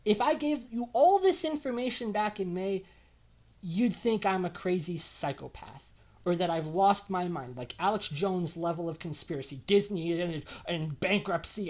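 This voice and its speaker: A young man telling his own story to camera in an emotional, swearing rant. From Canada. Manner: emotional, ranting, swears often, big swings in pitch and loudness. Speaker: vlogger. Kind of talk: confessional monologue to camera.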